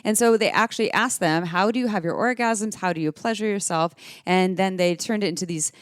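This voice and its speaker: A woman's voice: mid-range voice, brisk, smooth, no room sound, clean studio sound. A woman in her thirties hosting a podcast, chatting casually and playfully, often laughing. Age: 30s. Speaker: podcast host.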